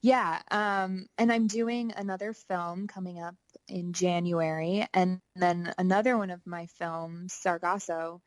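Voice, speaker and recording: Young woman, podcast guest, upbeat, chatty, lowish voice, dry close sound. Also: steady tone, unhurried, dry recording. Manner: upbeat, chatty, laughs easily. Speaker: podcast guest, actor and songwriter. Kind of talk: casual interview chat.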